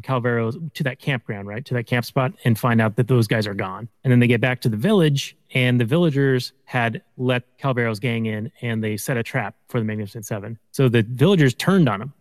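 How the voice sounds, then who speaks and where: A man's voice: mid-range voice, brisk, few pauses. Male podcast co-host, casual and rambling, dry close mic with a long reverb tail. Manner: rambling, filler-heavy, retells scenes. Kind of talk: casual chat.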